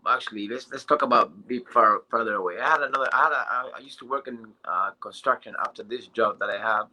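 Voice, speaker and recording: A man's voice: mid-range voice, bright, forceful tone. A man with a Spanish accent, telling his story on a group video call, rambling with many fillers and restarts. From Quebec, Canada. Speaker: new business member. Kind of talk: casual testimonial on a group call.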